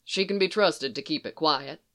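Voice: medium pitch, normal speed, fairly bright tone, lightly acted. A reader voicing a young adult male human officer who talks in a casual, easygoing way. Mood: relaxed.

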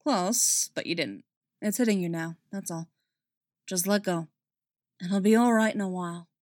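A woman voicing a gruff alien male warrior who speaks low, soft and coaxing in a read-aloud story. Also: normal speed, no room sound, studio quality, close to an everyday voice. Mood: soothing. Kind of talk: audiobook-style story reading.

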